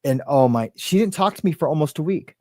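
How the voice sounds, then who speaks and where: A man's voice: on the high side, animated, fairly quick, warm tone, no echo. A middle-aged man telling a personal story as a podcast guest, rambling with lots of "right?" and "like", emotional and close to tears.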